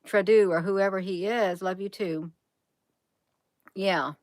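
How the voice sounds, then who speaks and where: A woman's voice: mid-range voice, steady tone, slow, darkish tone, dry recording. A woman hosting a casual livestream, musing aloud, reading from the screen and answering chat. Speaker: livestream host.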